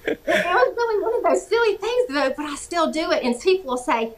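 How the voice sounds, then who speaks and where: A young woman with a Georgia Southern accent, an actress chatting as a guest in a talk-show interview, animated and quick to laugh. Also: very high voice, rough recording. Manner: animated and cheerful, laughs easily.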